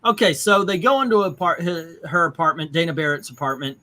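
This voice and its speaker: A man's voice: a little high, a little fast, pushed and bright. A man hosting a casual movie chat, reading out viewer comments and eagerly retelling favorite scenes. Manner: enthusiastic, retells scenes in detail. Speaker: host.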